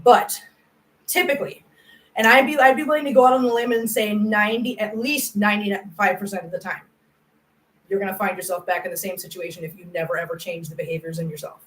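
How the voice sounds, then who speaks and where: A woman's voice: medium pitch, fairly even intonation, fast talker, fairly bright tone, low-quality recording. A middle-aged woman hosting a casual livestream and chatting with viewers in an earnest, effusive way. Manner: earnest and effusive, emotional when praising viewers. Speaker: cat channel livestream host. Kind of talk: casual livestream chat reading viewer comments.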